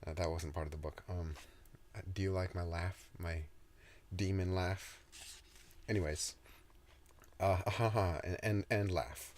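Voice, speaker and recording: A man's voice: sits low, fairly even intonation, measured pace, long pauses, darkish tone, slight background noise. A man reading his own story aloud in a soothing style, with casual, joking asides.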